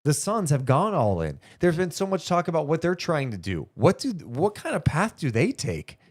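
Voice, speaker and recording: Guy cohosting a sports stream, voice bounces up and down a lot, fairly high pitched for a dude. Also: moderate pace. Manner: animated, talks through math and reads viewer donations. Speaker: sports podcast co-host. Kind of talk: casual sports talk livestream.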